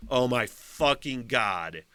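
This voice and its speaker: A man hosting a casual solo podcast, reading a news story aloud with profane, animated asides and laughs. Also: mid-range voice, takes it slowly, no echo. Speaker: podcast host.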